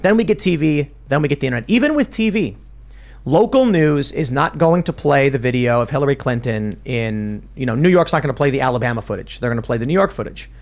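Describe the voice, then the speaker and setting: A man's voice: mid-range voice, animated, fast, vocal fry, a little mellow. A man hosting a political panel podcast, making his case in long, restarting sentences as he thinks aloud. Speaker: podcast host.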